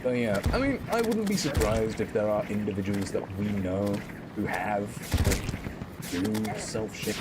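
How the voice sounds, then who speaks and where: Animated British man streaming, lively pitch. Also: unhurried, very noisy. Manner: animated, chatty, bursts into laughter. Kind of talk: casual chat while streaming a game.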